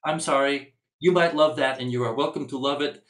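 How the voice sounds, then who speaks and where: A man's voice: mid-range voice, fairly even intonation, a little fast, fairly bright tone. A man giving a music workshop lesson, explaining in a thoughtful, searching way. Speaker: music teacher. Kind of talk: instructional workshop lecture. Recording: echoey room sound.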